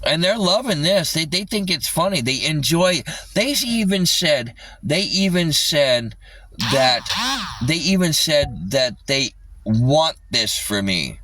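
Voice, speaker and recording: A man's voice: on the high side, expressive, slow pace, bright, forceful tone, recorded from a distance, poor audio. Angry man ranting on a livestream. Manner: agitated, swears constantly.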